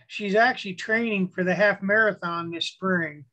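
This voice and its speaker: A man's voice: high-pitched, normal speed, pushed and bright, lo-fi sound. A middle-aged man chatting casually on a video call before he presents to his club. He tells stories in a rambling way, with many restarts.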